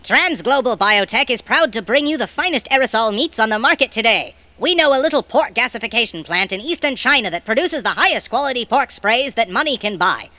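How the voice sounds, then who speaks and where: A small, stammering boy, as an adult voices him, high and bright. He stumbles haltingly over every syllable in a sketch comedy recording. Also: no room sound, full character voice.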